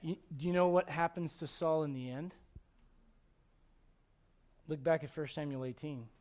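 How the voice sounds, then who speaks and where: A man's voice: a little high, normal speed, a little mellow. A male pastor preaching a sermon with emphatic storytelling and direct questions to the congregation.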